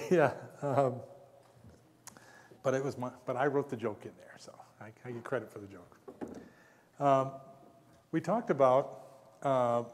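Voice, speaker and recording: A man's voice: mid-range voice, in a large hall. A man giving a conference lecture, rambling between asides and chuckling at his own stories. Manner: rambling, chuckles often, self-deprecating.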